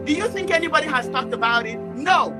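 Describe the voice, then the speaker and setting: A woman's voice: high-pitched, animated, over loud music. A woman caller with a Nigerian English accent, talking angrily and firing off rhetorical questions. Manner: angry, rapid rhetorical questions, near shouting. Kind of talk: impassioned call-in talk.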